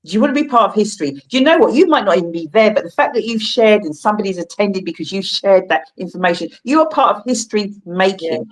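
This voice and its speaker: A woman's voice: mid-range voice, expressive, fast, hardly any pauses. A woman hosting a radio talk show, chatting casually and rallying listeners to take part.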